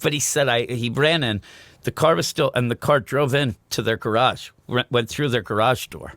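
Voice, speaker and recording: A man's voice: medium pitch, normal speed, dry recording. A middle-aged man co-hosting a podcast, telling a story in casual chat, swearing and acting out what others said. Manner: animated storyteller, swears, acts out quotes. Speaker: podcast co-host.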